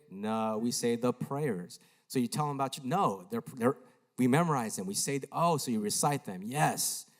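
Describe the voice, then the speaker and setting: A man preaching a sermon as a pastor, telling a story and acting out the voices of the people in it. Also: medium pitch. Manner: animated, acts out quoted voices. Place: church sanctuary.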